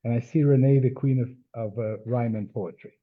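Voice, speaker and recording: A man's voice: mid-range voice, brisk. A man hosting an interview, stumbling and repeating words as he praises his guest over a video call. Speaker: interviewer host. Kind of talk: casual interview chat. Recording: dull lo-fi video call audio.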